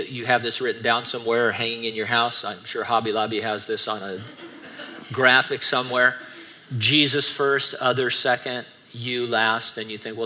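A man's voice: mid-range voice, bright, forceful tone. A middle-aged male pastor preaching a sermon in a conversational way, with joking asides between stretches of scripture teaching.

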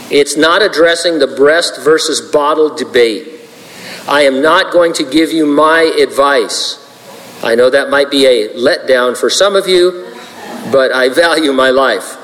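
A man's voice: fairly high pitch, fairly bright tone, slight background noise. A man preaching as a pastor, working through scripture verse by verse. He is earnest and slips in dry jokes and asides. His voice carries a long reverb, as if in a large hall. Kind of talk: verse-by-verse sermon.

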